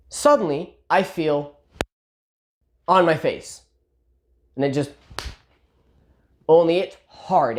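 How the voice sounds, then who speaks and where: Animated self-deprecating man telling a story. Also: a little high. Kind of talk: casual story time.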